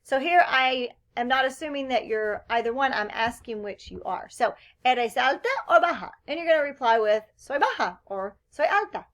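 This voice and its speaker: A woman's voice: high voice, expressive, normal speed, hardly any pauses, fairly bright tone, highs cut off. Woman teaching Spanish questions. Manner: explanatory, models Spanish phrases with question inflection. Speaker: Spanish instructor. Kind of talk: recorded lecture.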